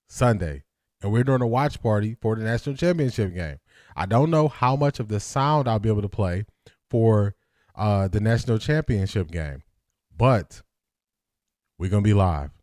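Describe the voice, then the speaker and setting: Low-voiced man hosting a sports stream. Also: no echo, studio quality. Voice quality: morning-rough voice. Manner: relaxed, talks straight to chat, repeats lines for emphasis. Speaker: host of live sports stream. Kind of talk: casual live-stream chat.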